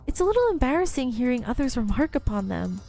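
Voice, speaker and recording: A woman voicing a modest young female jockey who speaks softly and formally in a game playthrough. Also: a little high, big pitch swings, quick pace, soft background music. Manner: soft-spoken, formal and self-effacing.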